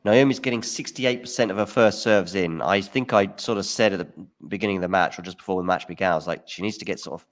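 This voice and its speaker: A man hosting a live tennis watchalong, giving relaxed play-by-play with opinions. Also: deep voice, fast talker, hardly any pauses. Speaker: watchalong host. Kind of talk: live match commentary.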